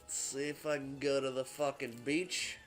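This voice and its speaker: A man's voice: mid-range voice, little pitch movement, normal speed, soft background music. A young man casually reviewing a movie, rambling and swearing, with lots of fillers. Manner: rambling, profane, many fillers. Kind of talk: casual vlog commentary.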